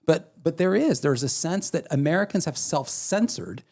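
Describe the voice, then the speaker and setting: A man's voice: on the high side, animated, gravelly, darkish tone. A man co-hosting a podcast, arguing in a heated casual debate with an emphatic, insistent manner. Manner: fast, emphatic, rising to indignant outbursts. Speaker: podcast co-host.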